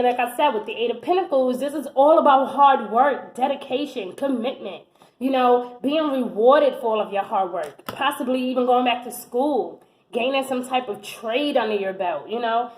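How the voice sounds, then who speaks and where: A young American woman with a fairly high voice gives a casual tarot reading to her viewers. She talks in an animated, exclamatory way and keeps repeating her phrases. The sound bounces around an echoey room. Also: moderate pace. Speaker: tarot reader.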